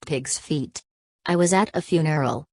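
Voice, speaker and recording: A woman's voice: low-pitched, no room sound. Woman reading as a desperate pleading man on trial. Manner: halting, desperate fragments. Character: anxious pleading middle-aged man on trial.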